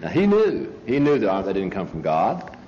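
Low-voiced man preaching on dull old tape. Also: huge pitch swings, normal speed, dark tone, echoey room. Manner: emphatic, storytelling, frequent restarts and asides to listeners. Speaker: preacher lecturing on a religious movement. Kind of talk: conversational sermon-style lecture with anecdotes. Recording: dull lo-fi tape with faint hiss.

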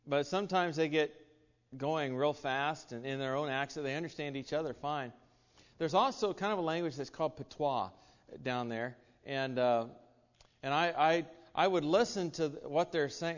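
A man's voice: mid-range voice, in a large hall, dull audio. A man with an American accent preaching a sermon, earnest, with frequent restarts and asides. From United States.

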